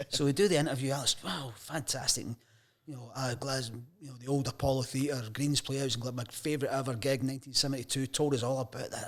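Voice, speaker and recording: Scottish man telling lively anecdotes. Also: mid-range voice, fairly quick. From Scotland. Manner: lively anecdotes, acts out quoted voices. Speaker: guest, sports journalist. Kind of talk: casual storytelling interview.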